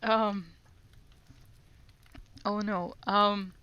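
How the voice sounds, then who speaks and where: A woman's voice: mid-range voice, little pitch movement, very slow, sharp tone, clean tone, dull audio. A woman streamer chatting casually while doing language lessons, repeating foreign phrases aloud and giggling often.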